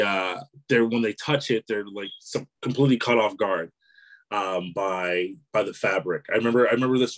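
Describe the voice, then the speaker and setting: Easygoing man with a lowish voice. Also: low-quality recording. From Canada. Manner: easygoing, rambling, many "you know" fillers, laughs easily. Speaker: author and entrepreneur, guest. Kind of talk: casual interview talk.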